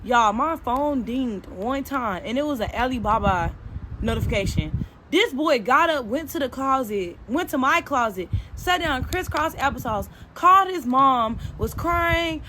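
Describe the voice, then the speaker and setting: Animated young woman telling a storytime. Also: high-pitched, measured pace, slight background noise, rough recording. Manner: animated and expressive, acting out quoted dialogue. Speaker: vlogger. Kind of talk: casual storytime.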